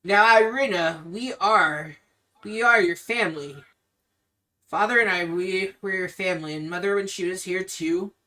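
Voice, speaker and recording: A woman voicing a grieving, protective young man who speaks in a somber, measured, apologetic way. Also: fairly low pitch, bright, forceful tone. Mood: firm.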